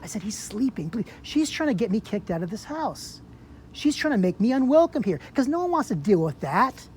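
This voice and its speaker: A man's voice: sits high, a little mellow, slight background noise. Confrontational man arguing on a sidewalk. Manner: confrontational, fires rhetorical questions, repeats himself. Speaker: vlogger confronting an officer. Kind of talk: heated sidewalk argument. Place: public sidewalk outdoors.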